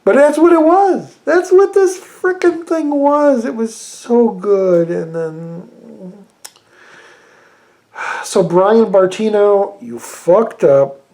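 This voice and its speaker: A man's voice: high voice, animated, slow pace, mellow. A man giving a casual, rambling film review, exasperated and swearing freely. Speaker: movie reviewer.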